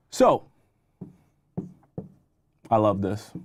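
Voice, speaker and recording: On a livestream, a man offers dating advice as a coach, speaking at a moderate pace in a mid-range, darkish voice. He's emphatic and repetitive, checking in with his viewers by asking "okay?"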